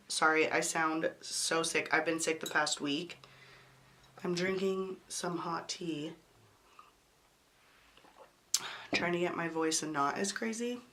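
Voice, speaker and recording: Hoarse, sick-sounding woman vlogger. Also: on the low side, a bit bright, a little hiss or hum. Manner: apologetic, chatty. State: hoarse from a cold. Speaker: beauty vlogger. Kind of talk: makeup tutorial talk.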